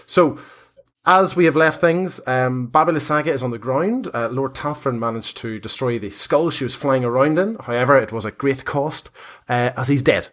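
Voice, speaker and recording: A man's voice: mid-range voice, moderate pace, fairly bright tone. A man running a tabletop game, recapping casually with lots of hesitant fillers. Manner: hesitant, many fillers, friendly. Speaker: game master.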